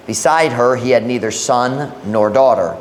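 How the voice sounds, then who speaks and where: A male pastor reading scripture, praying and preaching a sermon in a church, switching between English and Visayan with slow, emphatic phrasing. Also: mid-range voice, a little hiss or hum. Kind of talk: sermon, Bible reading and prayer.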